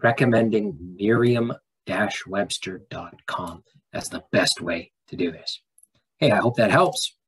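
A man walks students through a lesson on his screen in a casual, folksy voice-over. His voice sits low and sounds very raspy and husky. He speaks loosely, with filler sounds and small restarts. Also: measured pace, a bit bright, rough recording. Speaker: teacher.

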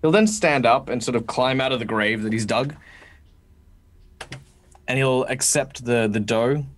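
A player in a tabletop game describing what his character does, in a halting way with frequent restarts. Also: medium pitch. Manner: halting, repeats himself while describing.

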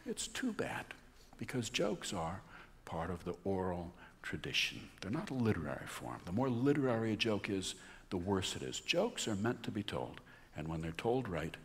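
Wry, low-voiced radio host. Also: male voice, big pitch swings, normal speed. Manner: musing, wry storytelling. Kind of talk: live radio monologue. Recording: long hall reverb, faint hiss.

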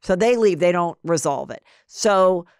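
Woman podcast host, chatty storyteller, smooth voice, dry close sound. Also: animated, measured pace, a little mellow, dry recording. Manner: chatty storyteller, acts out quotes in higher voices. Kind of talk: casual gossip chat.

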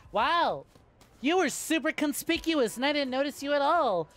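A woman's voice: high-pitched, animated, normal speed, soft background music. Crude, playful woman streamer. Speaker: VTuber streamer. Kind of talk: casual gameplay commentary.

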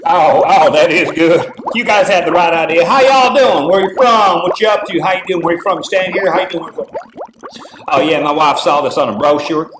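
Guy doing a high bouncy crude tourist dude, nosy, echoey and noisy. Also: moderate pace, lightly acted. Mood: boisterous. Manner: boisterous, crude, repetitive small talk. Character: crude loudmouth middle-aged male tourist, nosy. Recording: echoey with loud noise.

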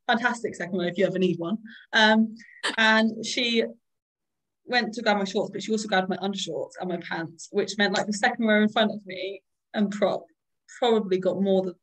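A woman's voice: medium pitch, normal speed, a bit bright, low-quality recording. A young woman co-hosting a rugby podcast in casual, self-deprecating chat. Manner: chatty, self-deprecating, acts out quotes. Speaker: podcast co-host and rugby prop.

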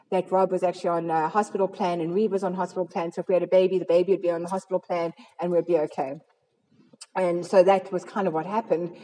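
Speaking to a recovery fellowship, a South African woman recounts her story sincerely, drifting along with plenty of fillers. Her voice is fairly low and mellow, echoing with long hall reverb.

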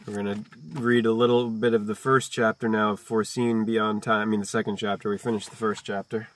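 Low-voiced man musing over wordplay. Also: little pitch movement, a little hiss or hum. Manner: slow, deliberate wordplay and chant-like lists. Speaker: video host reading a book aloud. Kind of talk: reading aloud mixed with free-associating musings.

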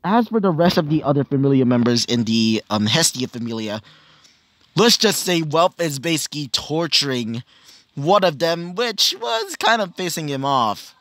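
A man's voice: fairly high pitch, very animated, normal speed, fairly bright tone, no echo. A man narrating improvised fan fiction in a rambling, casual way, with many fillers and self-corrections. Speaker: storyteller.

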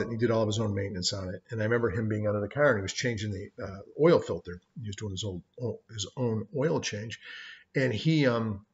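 Man, middle-aged, law lecture, low voice, chatty storytelling, dull lo-fi webcam audio. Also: fairly bright tone. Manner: conversational, tells personal stories. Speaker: law instructor. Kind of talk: recorded lecture.

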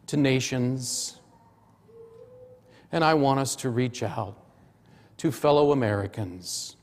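A middle-aged man preaching a sermon, telling a personal story in short, measured phrases. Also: mid-range voice, darkish tone. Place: church sanctuary. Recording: church hall reverb.

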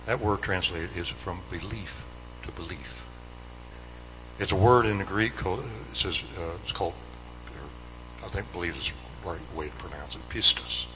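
A man's voice: low voice, moderate pace, fairly bright tone, long reverb tail, slight background noise, low-quality recording. A man teaching a Bible lesson in an earnest, repetitive style that builds emphasis. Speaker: Sunday school teacher. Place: church.

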